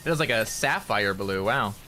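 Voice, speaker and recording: A man's voice: expressive, moderate pace, bright, forceful tone, slight background noise. A man from Canada chatting casually while streaming a game, rambling, swearing now and then, and cooing at his cats. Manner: coos at cats in a high voice. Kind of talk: casual gaming livestream chat.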